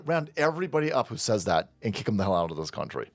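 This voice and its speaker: Male vlog commentator, sarcastic and indignant, fairly high voice, very animated delivery. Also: racing, hardly any pauses, dry recording, soft background music. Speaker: political commentator.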